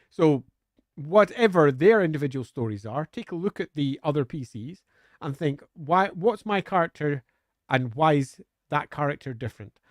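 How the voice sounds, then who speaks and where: A man's voice: medium pitch, dry recording, studio quality. A man on a live stream answering viewer questions in a chatty, upbeat way, with frequent hesitant fillers.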